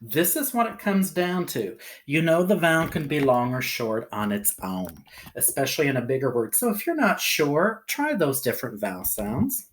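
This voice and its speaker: Male phonics teacher, patient and sing-song, lively pitch, sounds out letters slowly. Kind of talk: phonics lesson for children.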